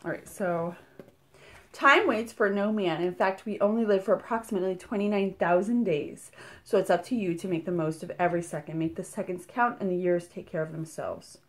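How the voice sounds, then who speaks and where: A woman vlogging casually as she unboxes a subscription box at night, chatty and excitable, gushing over each item and a little out of breath. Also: fairly low pitch, a little fast. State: slightly out of breath. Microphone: camera mic, filming at night indoors.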